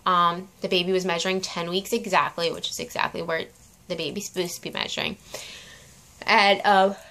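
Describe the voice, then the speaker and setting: A woman's voice: fairly low pitch, fairly even intonation, quick pace, sharp tone. A young woman talking casually in a home vlog at night, chatty with many fillers, tired and out of breath. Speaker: vlogger.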